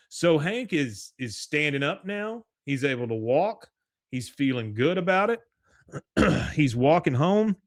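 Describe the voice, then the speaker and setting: A man's voice: mid-range voice, very animated, measured pace, no echo, clean studio sound. A man hosting a podcast, animatedly recapping a cartoon episode and quoting its characters with laughs. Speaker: podcast host.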